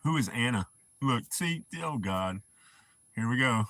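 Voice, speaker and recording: A middle-aged man chatting casually on a live stream. His voice is bright and forward, his talk loose and full of swearing. He laughs easily between remarks. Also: medium pitch, lively intonation, measured pace, no room sound. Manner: laid-back, swears freely, laughs often. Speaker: livestream host.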